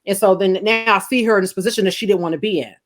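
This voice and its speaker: A woman's voice: medium pitch, racing. A middle-aged woman in casual podcast chat, telling a personal story candidly and emotionally, with frequent swearing. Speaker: podcast guest co-host.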